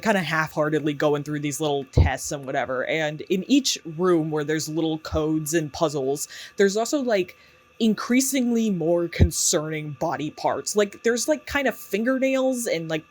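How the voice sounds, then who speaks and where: Chatty, sarcastic man reviewing books. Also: a little high. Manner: chatty and sarcastic, lots of fillers and laughs. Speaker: YouTube book reviewer. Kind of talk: casual commentary.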